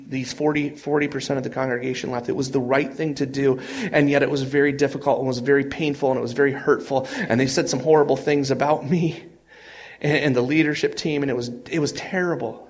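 A male pastor giving a conversational sermon, telling stories earnestly with frequent restarts and swings in loudness. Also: mid-range voice, fairly even intonation, a little fast.

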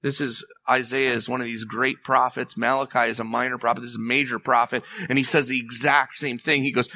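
A man's voice: medium pitch, little pitch movement, fairly quick, hardly any pauses, bright, forceful tone. A man preaching a sermon as pastor, earnest and emphatic, pressing his point with rising intensity.

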